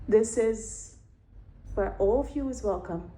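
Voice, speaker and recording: A woman quoting a calm, commanding man in firm, measured words. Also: mid-range voice, close to an everyday voice. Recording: roomy echo.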